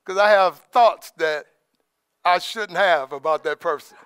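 Man preaching loose and chatty, smooth high voice, lots of little praise-god asides. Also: unhurried. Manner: conversational, exclaims praise asides, trails off softly. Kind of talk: informal sermon. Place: church in Alaska.

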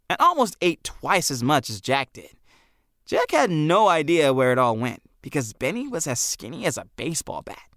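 A man reading an audiobook aloud as narrator, with expressive storytelling. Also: medium pitch, no echo, clean studio sound. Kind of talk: scripted narration.

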